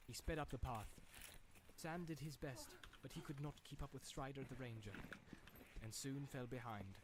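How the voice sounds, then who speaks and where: A man reading a novel aloud in a measured, even narration. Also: mid-range voice, background noise. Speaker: reader. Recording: music playing underneath.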